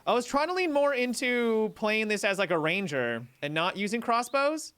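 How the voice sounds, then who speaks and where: Male streamer, chatty game commentary, high lively voice, clear, game music in background. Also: normal speed. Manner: chatty, rambling, talks to chat. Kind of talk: live gameplay commentary.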